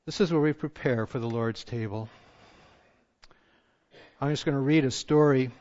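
A man preaching a sermon as pastor, full of passion and rhetorical questions, his voice swinging from loud to hushed. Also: medium pitch, moderate pace, dull audio.

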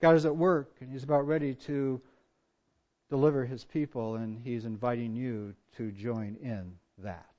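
A pastor preaching a sermon, swinging from hushed asides to loud emphatic points. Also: male voice, mid-range voice, steady tone, unhurried. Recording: dull lo-fi church recording.

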